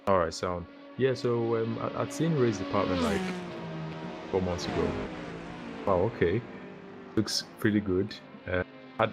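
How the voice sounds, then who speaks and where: A man with a very deep voice speaks in a relaxed, halting way, full of ums and restarts. He sounds easygoing and grateful, and music plays clearly behind him. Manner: relaxed, appreciative, hesitant with fillers. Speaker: new league member. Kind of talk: casual voice chat.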